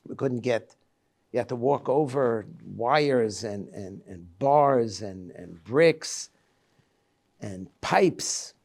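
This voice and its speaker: A rabbi in his seventies speaks at a middle pitch with a gravelly, creaky edge. His reflective holiday lecture moves haltingly as he recalls personal stories. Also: animated, darkish tone. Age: 70s. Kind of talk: reflective Tisha B'Av lecture.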